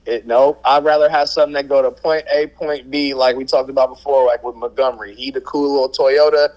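A man's voice: mid-range voice, steady tone, brisk, a little mellow, poor audio. A man guesting on a casual sports podcast, laid-back and slangy, joking with the host.

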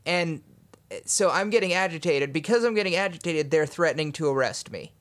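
A young man hosting a podcast, telling an animated travel anecdote in casual chat with laughter and swearing. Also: a little high, brisk. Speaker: podcast host.

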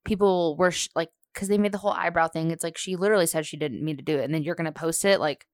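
A woman's voice: low-pitched, fast, dry recording. A young woman co-hosting a podcast in casual chat, blunt and sarcastic, swearing freely. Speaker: podcast co-host.

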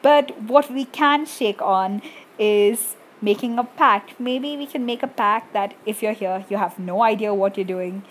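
A young woman hosting her own podcast in a squeaky voice, rambling and self-deprecating with lots of fillers. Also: unhurried. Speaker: podcast host. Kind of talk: casual solo podcast monologue.

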